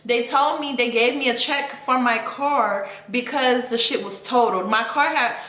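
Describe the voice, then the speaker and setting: Heated, profane young woman, bright voice. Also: fairly high pitch, moderate pace. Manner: heated, profane, venting to viewers. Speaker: vlogger. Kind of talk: casual storytime rant. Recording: echoey room.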